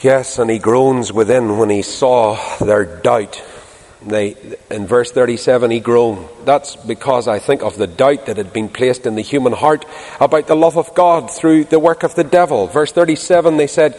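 A man preaching a sermon to a congregation, swinging between loud emphasis and hushed tenderness. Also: mid-range voice, normal speed. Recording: long hall reverb.

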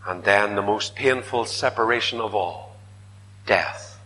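A man preaching a sermon, swinging dramatically from loud declaiming to hushed whispers. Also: fairly low pitch, unhurried, slight background noise. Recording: reverberant hall.

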